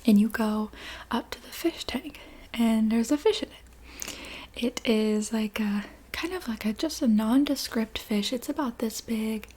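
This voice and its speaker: A woman narrating a guided visualization in a whispered role-play, soft and meandering, with many fillers. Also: a little high, measured pace, husky. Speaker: ASMR storyteller.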